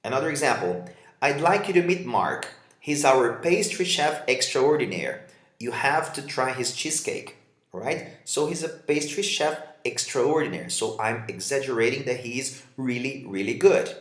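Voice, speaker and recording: Male English teacher, Portuguese native, lively intonation, roomy echo. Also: mid-range voice, normal speed. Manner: reads example dialogues and explains them, switching to Portuguese for translations. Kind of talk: vocabulary lesson.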